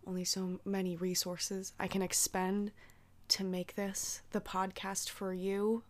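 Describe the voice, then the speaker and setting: A woman's voice: medium pitch, level tone, measured pace. A young woman chats alone on her own podcast while sick, her voice a bit throaty. She rambles casually, swears freely and fills her sentences with "like". She laughs easily at her own tangents. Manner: laughs and squeals at herself. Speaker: podcast host. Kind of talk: casual solo podcast chat.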